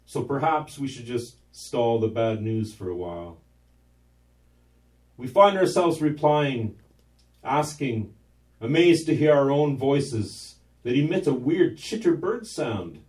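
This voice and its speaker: A man tells a drifting, fanciful story in a mellow, warm voice at an easy middle pitch. He wanders off into asides to his listeners. The sound is roomy and echoey, as if he sits a little way back from the mic. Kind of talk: scripted narration. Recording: roomy echo, distant mic.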